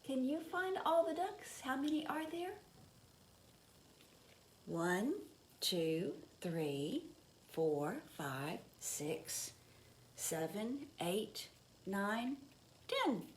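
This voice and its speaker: Expressive woman telling a children's story. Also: a little high, extremely slow, pauses often, a little hiss or hum. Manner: expressive storytelling, drops to soft whispers for effect; gentle, speaks to young children with questions. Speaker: children's story leader at church. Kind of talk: reading a children's story and sermon. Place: church.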